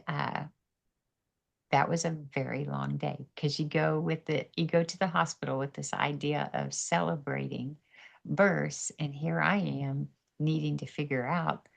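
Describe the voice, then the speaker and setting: A middle-aged woman sharing a personal faith testimony on a podcast, earnest and animated, acting out her own inner dialogue. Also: deep voice, measured pace, gravelly.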